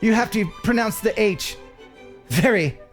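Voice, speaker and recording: A man's voice: high-pitched, expressive, a little slow, soft background music. A man hosting a casual live stream who laughs often and reads viewer messages aloud. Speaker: host.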